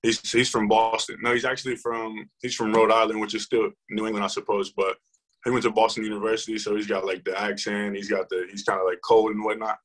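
A man's voice: lowish voice, flat delivery, fairly quick, fairly bright tone, low-quality recording. A young man, a football player, telling his story in a casual interview, rambling with many fillers and restarts.

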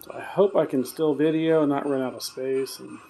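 A man on a solo ghost-hunting vlog in a dark hotel room at night, talking in a hushed voice and calling out to spirits. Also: medium pitch, steady tone, normal speed, creaky, a little hiss or hum. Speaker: paranormal investigator.

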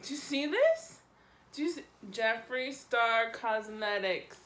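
A young woman chatting excitedly at home as she unboxes makeup, gasping and giggling as she goes. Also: on the high side, a little slow. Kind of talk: excited casual unboxing chat. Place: home room.

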